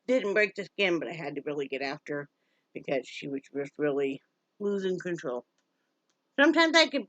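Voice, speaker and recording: A woman from Wyoming talks in a chatty, folksy way. Her voice sits at an ordinary middle pitch and often slips into coaxing, sing-song baby talk. The sound is dry, with no room echo. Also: lo-fi sound. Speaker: vlogger, pet rescuer. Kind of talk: casual home vlog.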